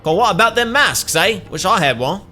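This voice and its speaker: A man's voice: big pitch swings, brisk, faint music behind, exaggerated voice. Man doing a chirpy dialect cockatrice. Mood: jokey. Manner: broad working-class British dialect; bright, high, cheery sing-song. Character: chatty scatterbrained cockatrice bird.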